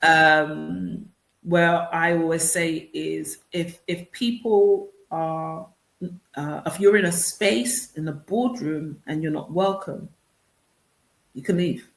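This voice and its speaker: A woman's voice: sits low, slow pace, vocal fry. A woman speaking as an author and consultant in an interview, explaining things earnestly and often repeating words as she starts a thought again. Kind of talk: radio interview answers. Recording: roomy echo.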